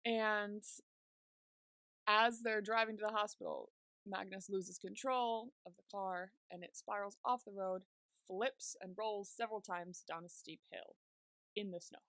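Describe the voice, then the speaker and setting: A young woman co-hosting a podcast casually recaps a series, chattily retelling scenes with lots of "like" fillers. Her voice is medium-pitched, a bit bright, fairly even and a little slow, with no echo.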